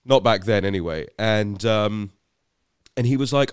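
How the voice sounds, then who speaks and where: A British podcast host from West London tells a casual anecdote, rambling and self-deprecating, with many restarts. His voice is on the low side and unhurried, with a clean tone and no room sound, recorded at studio quality.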